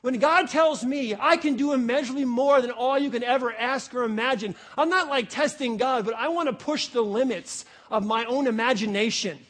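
A man preaching a sermon in a lively, conversational way, acting out little voices and asking rhetorical questions. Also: very high-pitched, moderate pace, hardly any pauses. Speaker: pastor.

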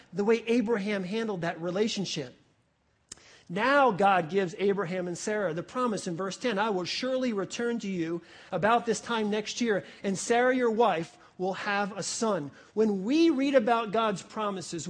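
A male pastor preaching in a very high voice. He is animated and jokey, acts out little scenes and keeps asking the congregation questions. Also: moderate pace. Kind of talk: sermon.

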